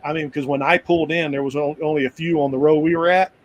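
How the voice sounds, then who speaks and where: A man's voice: on the high side, steady tone, quick pace, a little hiss or hum, low-quality recording. A man in a casual live chat, telling travel stories in a rambling, easygoing way with frequent restarts. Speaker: full-time RVer guest.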